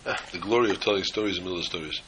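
A man's voice: deep voice, rapid-fire, background noise. A man telling a story in a sermon, dramatically voicing the characters.

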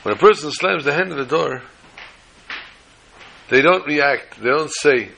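A man teaching a Torah lesson as a rabbi, telling stories and acting out quotes in an animated way. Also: fairly high pitch, measured pace, creaky, pauses often, a little hiss or hum. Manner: animated, acts out quotes, rising to loud exclamations.

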